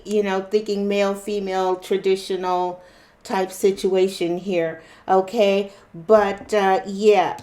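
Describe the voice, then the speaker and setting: A woman's voice: medium pitch, a little mellow. A woman giving a casual tarot card reading to a viewer, often checking in with "okay?". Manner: unhurried, checks in with frequent "okay?". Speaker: tarot reader.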